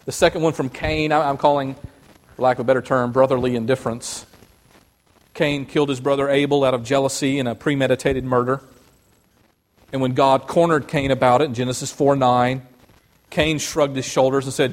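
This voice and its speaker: A man preaching a sermon, animated, acting out the voices of biblical figures as he goes. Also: mid-range voice, a little fast. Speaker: pastor.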